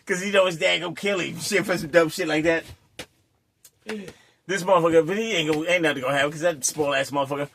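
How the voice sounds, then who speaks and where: A man's voice: fairly high pitch, fairly even intonation, quick pace, creaky, fairly bright tone, a little hiss or hum. A man hosting a show, telling a raucous story full of swearing, laughing often and acting out the scenes. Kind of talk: casual anecdote telling.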